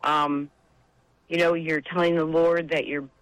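This caller to a religious radio show speaks over the phone in a low-pitched, flat, unhurried voice. Her emotional call-in testimony about grief and faith is heartfelt, tearful and rambling, captured in a dry, low-quality recording.

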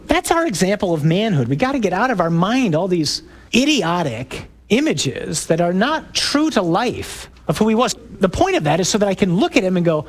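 A man's voice: high voice, sing-song, moderate pace. A man who is a priest, giving an emphatic, preacherly parish talk to parents with jokey asides to the audience.

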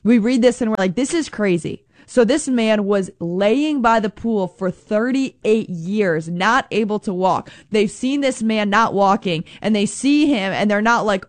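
A young adult woman reading a Bible passage, then teaching on it in a conversational, earnest way, slowing down for emphasis. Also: medium pitch, no room sound. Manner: earnest, conversational, slows for emphasis, acts out quoted voices.

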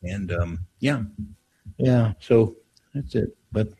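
Low husky-voiced older priest. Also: male voice, expressive, dark tone. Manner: unhurried storyteller with frequent restarts. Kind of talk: call-in radio talk, telling stories.

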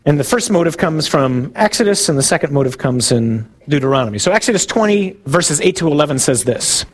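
A man's voice: on the high side, animated, a little fast. A man, a priest, giving a sermon in a conversational, self-deprecating way, with asides to the congregation.

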